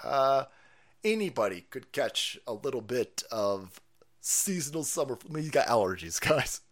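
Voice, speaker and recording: A man's voice: medium pitch, very animated, normal speed. A man hosting a livestream, ranting in profane, mocking commentary and laughing often. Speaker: livestream host.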